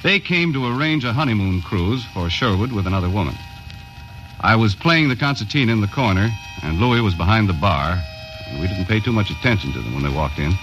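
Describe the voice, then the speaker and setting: An actor narrating as a laconic boat captain in an old radio drama, matter-of-fact and dry. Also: male voice, low voice, highs cut off.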